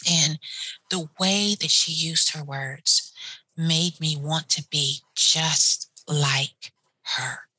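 A woman who works as a hospice nurse, telling a personal story in an animated way and acting out the voices of the people in it. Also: low voice, very slow, husky, no room sound, poor audio.

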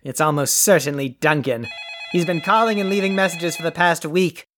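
A woman's voice: low-pitched, normal speed, close to an everyday voice. A woman playing a pompous, greedy, deposed male overlord in a comedy audio play, with a grandiose, haughty delivery. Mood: irritated. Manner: grandiose, haughty and theatrically dry.

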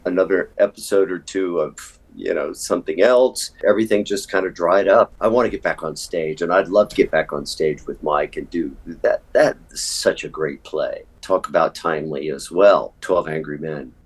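Husky low-voiced older male actor. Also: moderate pace. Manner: animated, emphatic, swings pitch up for emphasis. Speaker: stage and soap actor, guest. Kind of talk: conversational interview storytelling.

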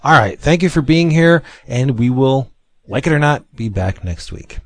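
A man's voice: mid-range voice, animated, normal speed, dry recording. A man hosting a comic book podcast in casual chat, jokey and teasing. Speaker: podcast host.

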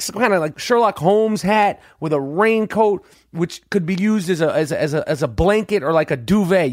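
A man hosting a podcast, telling a profane story in an animated way and acting out quotes. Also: high voice, no room sound, studio quality. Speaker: podcast host.

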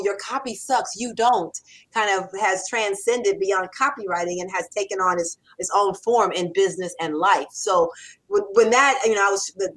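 A woman in her sixties, a copywriter and author, talking in an animated interview and acting out quoted lines. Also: medium pitch, low-quality recording. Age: 60s. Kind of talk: conversational interview.

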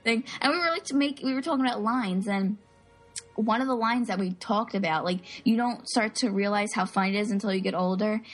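A woman's voice: mid-range voice, brisk, soft background music. A woman chatting casually as a podcast co-host, talking in a filler-heavy, giggly way. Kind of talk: casual chat.

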